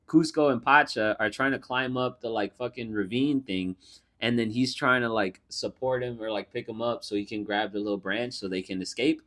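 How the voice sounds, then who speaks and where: A man's voice: mid-range voice, fairly bright tone. A young man co-hosting a podcast in casual chat, retelling comedy scenes with lots of swearing and laughter. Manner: profane, laughing storyteller. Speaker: podcast co-host.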